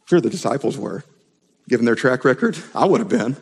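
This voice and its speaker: A man preaching a sermon with passion, dropping to a hush and rising to shouts. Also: mid-range voice, lively intonation, a little fast, slightly rough. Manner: impassioned, swings between hushed and shouted. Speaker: pastor. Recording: long hall reverb.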